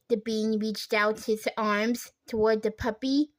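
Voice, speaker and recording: Slow, high-voiced woman reading a children's book. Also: steady tone, no room sound. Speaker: storybook reader. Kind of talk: children's audiobook narration.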